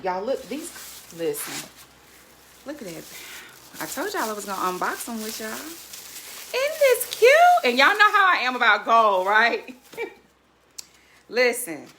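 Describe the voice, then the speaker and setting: An older woman, hosting a casual cooking vlog and chatting warmly and animatedly to her viewers, laughing often. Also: on the high side, a little hiss or hum. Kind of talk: casual unboxing chat to viewers.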